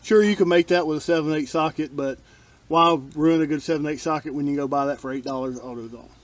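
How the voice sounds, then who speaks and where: A man's voice: fairly high pitch, quick pace, dry recording. Wry man fixing his Jeep. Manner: wry, blunt, grumbling about shoddy work. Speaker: DIY car repair vlogger. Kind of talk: casual how-to narration. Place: outdoors working on a Jeep.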